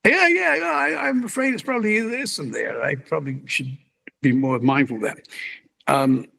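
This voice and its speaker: An older man, a magazine publisher and interview guest, musing in an animated, conversational way and chuckling as he talks. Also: a little high, moderate pace, gravelly.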